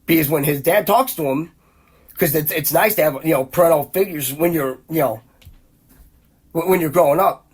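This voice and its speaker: This podcast host speaks in a husky, slightly high voice at a moderate pace, pausing often. His rant is heated, rambling, and profane, full of restarts, with exclamations repeated in rising bursts.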